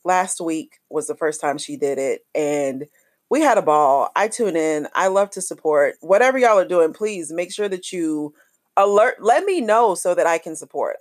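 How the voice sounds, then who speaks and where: A woman podcast host, talking in a lively, chatty, affectionate way full of slang as she wraps up her show. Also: low voice, dry recording, studio quality. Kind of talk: casual podcast outro.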